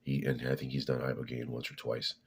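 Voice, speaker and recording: Very deep-voiced man ranting casually. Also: monotone, fairly quick, vocal fry, husky. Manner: rambling and opinionated, many restarts and profanity. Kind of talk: casual rambling monologue.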